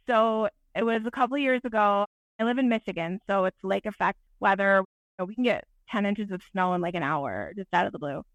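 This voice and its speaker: A woman photographer, a podcast guest, telling an animated, self-deprecating story in casual interview talk. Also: mid-range voice, dry recording.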